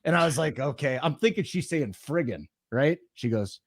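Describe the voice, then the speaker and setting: Animated, high-pitched middle-aged man. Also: normal speed, slightly rough. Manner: animated storyteller, swears freely. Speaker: podcast co-host. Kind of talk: casual sports podcast banter.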